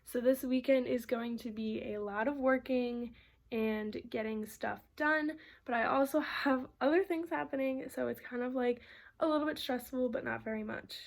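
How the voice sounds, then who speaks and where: A woman's voice: a little high, normal speed, creaky. A young woman art student vlogging casually about her week, chatty and full of filler words. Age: young adult. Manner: chatty storytelling with many "like" fillers. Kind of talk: casual vlog chat.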